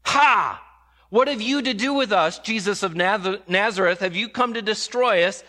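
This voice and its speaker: A man doing a shrieking high demon. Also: normal speed, long reverb tail. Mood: crying out. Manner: loud, crying out.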